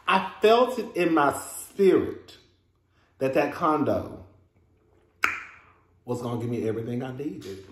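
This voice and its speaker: A man's voice: medium pitch, lively intonation, measured pace, long pauses, reverberant, a little hiss or hum. A man, hosting a casual review vlog in a sassy, chatty way, calling listeners "girl" and laughing often. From Texas. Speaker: reality TV reviewer, host.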